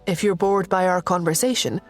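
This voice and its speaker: A woman voicing a calm, curious young woman investigator who speaks directly. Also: fairly low pitch, brisk, soft background music, lightly acted.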